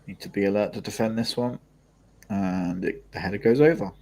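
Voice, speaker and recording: A man's voice: fairly low pitch, steady tone, brisk, vocal fry, mellow. A young man, co-hosting a live football watchalong and chatting casually, often laughing. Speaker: podcast co-host. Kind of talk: live match watchalong commentary.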